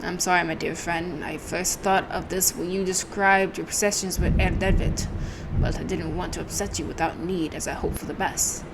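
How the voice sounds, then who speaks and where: A woman's voice: on the low side, steady tone, normal speed, noisy background, close to an everyday voice. A woman voicing a grave male doctor in a formal manner, with a weak attempt at a German accent.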